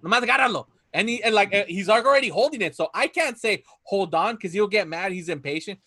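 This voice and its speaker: A man's voice: sits high, fairly quick, fairly bright tone, no room sound. A young man telling stories in a casual chat, laid-back and full of fillers. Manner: laid-back storytelling with lots of fillers and Spanish phrases.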